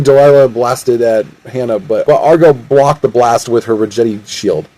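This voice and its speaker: A man narrating an amateur audiobook in a flat, stilted read-aloud way. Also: medium pitch, normal speed, no echo, low-quality recording.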